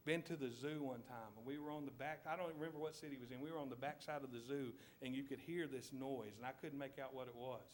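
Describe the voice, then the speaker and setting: There is a little hiss or hum as a man with a somewhat high voice and a Southern US accent delivers a church sermon. He narrates a story vividly and invites his listeners to picture each scene.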